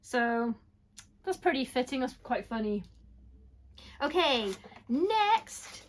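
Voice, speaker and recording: A woman's voice: high voice, big pitch swings, takes it slowly, slight background noise. Chatty, apologetic woman vlogger. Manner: chatty, apologetic, self-deprecating. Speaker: book vlogger. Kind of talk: casual unboxing chat.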